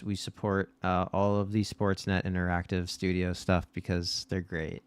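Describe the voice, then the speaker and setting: A man's voice: deep voice, flat delivery, moderate pace, few pauses, clear, resonant tone, no echo. A man hosting a live watch-party stream, talking straight to his chat in a blunt, casual way with some swearing.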